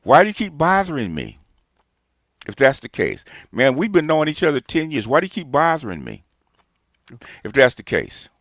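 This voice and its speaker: A man's voice: medium pitch, wildly swooping pitch, normal speed, pauses often, a bit bright, no room sound, studio quality. A man hosting a reaction video, arguing back heatedly at a clip, repeating his retorts and scoffing with laughs. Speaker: channel host reacting to a clip. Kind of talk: combative reaction commentary.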